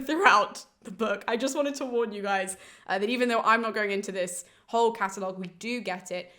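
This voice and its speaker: A young woman hosting a casual educational podcast, summarising a classical epic in a chatty, animated way, swearing freely and mocking the characters with quick voiced asides. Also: mid-range voice.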